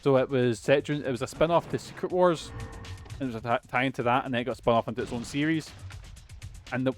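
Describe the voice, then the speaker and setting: A young man streaming a video game, chatting casually, rambling, swearing and losing his train of thought, with soft music underneath. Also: medium pitch, fast talker. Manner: rambling, swears often, trails off mid-thought. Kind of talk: casual let's-play commentary.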